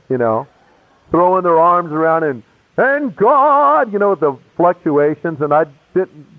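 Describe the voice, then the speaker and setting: A man's voice: a little high, no room sound. A man casually and animatedly telling his conversion story, acting out the voices of the people in it. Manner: casual, animated, acts out every voice. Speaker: speaker giving a testimony. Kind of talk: storytelling testimony. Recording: tinny, phone-like, dry.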